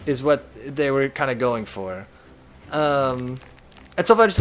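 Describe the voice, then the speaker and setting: A man's voice: mid-range voice, a little slow. A man live-streaming a strategy game, chatting casually and reading viewer messages aloud. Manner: reads chat aloud, chatty and animated.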